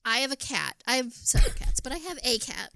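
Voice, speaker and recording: Bright-voiced chatty woman co-host. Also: high-pitched, a little fast, gravelly, dry recording, studio quality. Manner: chatty, animated storytelling with frequent swearing. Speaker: podcast co-host. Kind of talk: casual chat.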